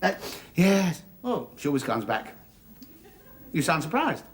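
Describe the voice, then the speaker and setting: An actor playing a fussy, indignant middle-aged husband who stammers and blusters, in a 1980s British sitcom. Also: male voice, on the high side, very animated, a little slow. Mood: flustered. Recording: TV studio with loud noise and audience laughter.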